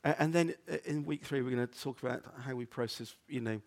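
A man preaching a sermon as a pastor, earnest, often repeating words and dropping soft on quotes. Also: mid-range voice, a little fast. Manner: earnest, stumbles and repeats words, drops to near-whisper on quotes.

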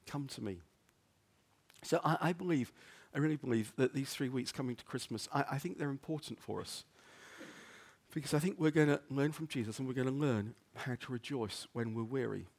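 A man preaching a sermon as a pastor, earnest, often repeating words and dropping soft on quotes. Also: medium pitch, brisk. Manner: earnest, stumbles and repeats words, drops to near-whisper on quotes.

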